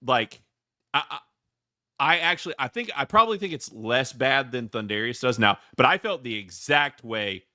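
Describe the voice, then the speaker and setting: A man with a Southern US accent, hosting a casual movie review chat, animated and rambling with lots of restarts. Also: mid-range voice, moderate pace, no room sound, clean studio sound. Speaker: podcast host.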